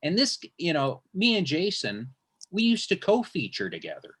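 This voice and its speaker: A man's voice: a little high, huge pitch swings, moderate pace, fairly bright tone, husky. A man hosting an interview, telling a long casual story as a stand-up comedian, rambling with many restarts and swearing freely.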